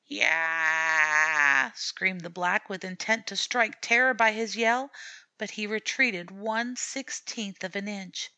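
A woman narrating a storybook in a measured, expressive reading voice. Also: medium pitch, no echo. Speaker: audiobook narrator.

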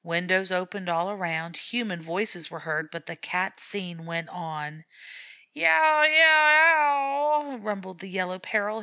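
A woman narrating a storybook in a measured, expressive reading voice. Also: on the low side, vocal fry, no echo. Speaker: audiobook narrator.

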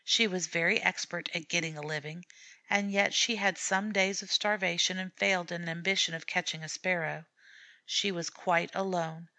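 A woman narrating a storybook in a measured, expressive reading voice. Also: lowish voice, creaky, dry recording. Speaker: audiobook narrator.

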